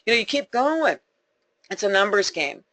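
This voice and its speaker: A woman's voice: mid-range voice, sing-song, normal speed, fairly bright tone, no echo. A woman leading a sales team, giving a motivational conference call talk in a folksy, emphatic way, repeating points for emphasis and laughing often.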